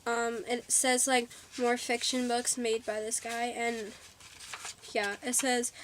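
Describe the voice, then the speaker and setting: A woman's voice: fairly high pitch, level tone, slow, slight background noise. A woman vlogger chatting casually to her camera at home, rambling with lots of ums and likes and correcting herself as she goes. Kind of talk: casual haul video chat.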